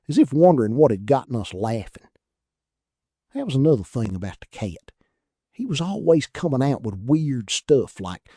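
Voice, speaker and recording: Man narrating a story, expressive, lively pitch, husky tone. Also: dry recording, studio quality. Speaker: audiobook reader.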